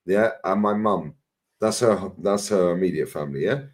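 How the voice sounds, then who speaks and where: With a low-pitched voice and a moderate pace, this London-accented man chats casually on a podcast, launching into blunt, profanity-laced rants and stories in which he performs other people's lines.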